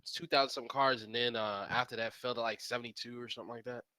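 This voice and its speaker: Dude chatting stocks, bright sharp voice, hesitant with lots of uh and like, dry sound. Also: male voice, mid-range voice, steady tone, racing, no room sound. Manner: loose, forgetful, hesitant with fillers. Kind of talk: casual market chat.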